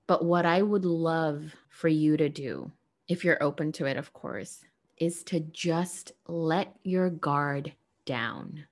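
Woman musing slowly on healing, gentle earnest tone, low voice. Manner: gentle, soft-spoken, earnest. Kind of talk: reflective spiritual monologue.

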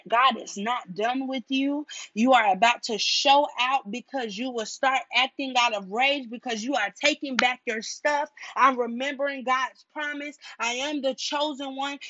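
A woman preaching a fiery motivational sermon, making bold, defiant declarations that build to shouts. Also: high-pitched, no echo, muffled recording.

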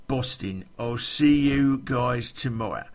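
A man voicing a cocky, self-important local hard man who talks in a slow drawl. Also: mid-range voice, lightly acted.

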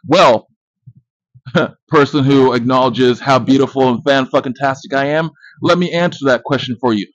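A man's voice: mid-range voice, normal speed, no echo. A man in his thirties hosting a podcast, giving a casual, profane and jokey movie review monologue full of boasts. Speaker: podcast host. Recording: dull lo-fi dry recording.

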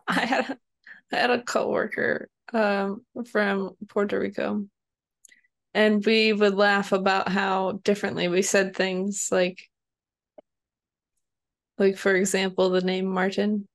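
A woman's voice: mid-range voice, little pitch movement, takes it slowly, gravelly, long pauses. Woman podcast co-host, laid-back pace, laughs a lot, easy chat. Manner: laughs easily, chatty. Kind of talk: casual book-club chat.

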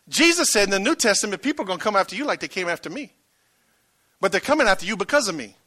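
A male pastor preaching a sermon, dramatic, swinging from loud bursts to hushed tones and asking the crowd rhetorical questions. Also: high voice, very animated, fast talker, no room sound.

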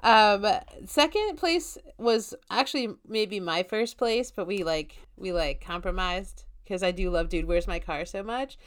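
A woman's voice: mid-range voice, measured pace, hardly any pauses. A young adult woman co-hosting a podcast in casual chat, chatty and laughing often, with lots of fillers. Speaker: podcast co-host.

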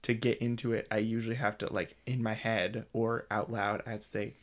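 A man's voice: lowish voice, level tone, normal speed. Hesitant young man, self-conscious. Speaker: podcast co-host. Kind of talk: casual chat.

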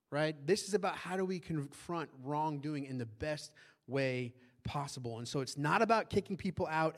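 A male pastor preaching a sermon in a church, animated and often asking the congregation questions. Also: a little high. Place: church sanctuary.

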